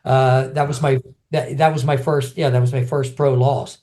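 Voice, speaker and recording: Speaking at a normal speed with medium pitch, a middle-aged man recalls his days as a champion kickboxer in a casual interview. He tells the stories animatedly, often restarting and doing impressions of others.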